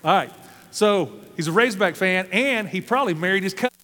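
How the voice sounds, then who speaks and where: A pastor from Arkansas, preaching a sermon with folksy, humorous storytelling. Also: male voice, sits high, lively intonation, brisk, a bit bright. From South Arkansas, USA. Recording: long hall reverb.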